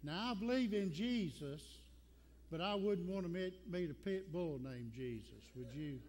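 A man with a Southern American accent delivers a Sunday sermon, his voice sitting high. He tells folksy stories and repeats key lines for emphasis. The sound carries a long church reverb. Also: expressive, unhurried, darkish tone. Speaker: pastor. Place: church sanctuary.

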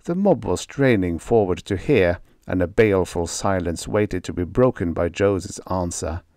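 A man reading a vintage science fiction story aloud as an audiobook narrator, with expressive storytelling. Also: low voice, normal speed, dry recording, studio quality. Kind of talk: scripted narration.

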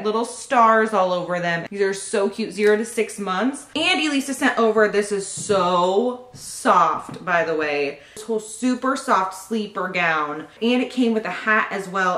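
Young woman, pregnant, gushing vlogger, echoey room, mid pitch. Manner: gushing, excitable, thanks each sender. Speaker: vlogger opening baby gifts. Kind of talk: casual unboxing vlog.

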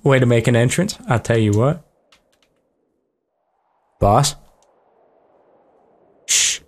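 A young man commentates a video game in a loose, brash and profane way, getting excited as he plays. His voice sits at an ordinary middle pitch for a man. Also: slow. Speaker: gaming channel host. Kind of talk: casual let's play commentary.

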